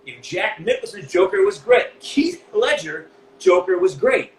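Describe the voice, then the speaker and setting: A middle-aged man from New England with a Northeastern US accent, speaking as an interview guest, blunt and animated, with a lot of swearing. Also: high voice, normal speed, echoey room, slight background noise, poor audio. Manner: blunt, profane, animated storytelling. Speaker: voice actor guest. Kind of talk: candid interview.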